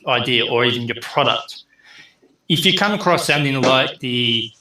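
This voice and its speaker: A man's voice: mid-range voice, sharp tone, echoey room, low-quality recording. A middle-aged man, teaching an online class in a chatty way full of fillers. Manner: chatty, filler-heavy, speeds up and slows down. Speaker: university lecturer.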